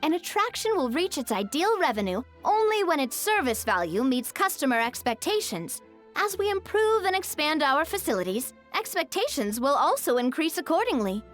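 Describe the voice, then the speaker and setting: A woman voicing a confident, upbeat noblewoman running a business in a video game, speaking in an animated way. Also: sits high, normal speed. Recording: game audio with music.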